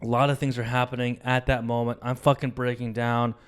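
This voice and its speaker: Smooth-voiced young man telling a story. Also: medium pitch, a little fast. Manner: animated retelling, acts out quoted voices, swears. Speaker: podcast co-host. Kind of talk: casual storytelling.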